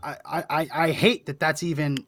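A male guest speaking earnestly in a casual discussion, measured and hesitant at times. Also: on the high side, little pitch movement, fairly bright tone.

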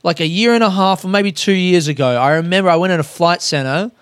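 A man's voice: high voice, a little fast, clean tone, no room sound. Profane man ranting, dry sound. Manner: profane, blunt, self-aware. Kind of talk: casual ranting monologue.

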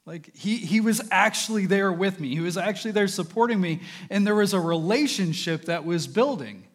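A man's voice: sits high, normal speed. A young adult man, a church minister, giving a candid, conversational devotional talk about his own experience. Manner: candid, conversational personal testimony.

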